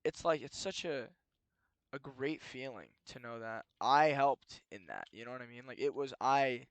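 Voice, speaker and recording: A young man ranting in a rambling, profane solo monologue, moving between low muttering and heated outbursts. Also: moderate pace, fairly bright tone, no room sound. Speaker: solo podcast host. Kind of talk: rambling late-night monologue.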